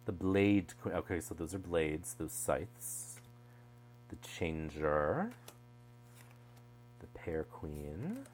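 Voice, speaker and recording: A man's voice: sits low, big pitch swings, extremely slow, long pauses, a little mellow. A man casually chatting through a deck unboxing, wry and digressive, often trailing off mid-thought. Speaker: tarot deck reviewer. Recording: mains hum underneath.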